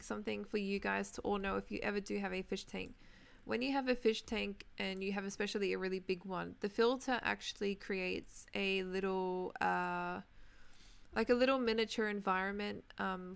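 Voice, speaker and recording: A young woman chatting casually while streaming a building game, reading chat names and clearing her throat, her voice tired from talking. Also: medium pitch, steady tone, moderate pace. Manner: chatty, reads out chat names, many ums. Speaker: Minecraft livestreamer.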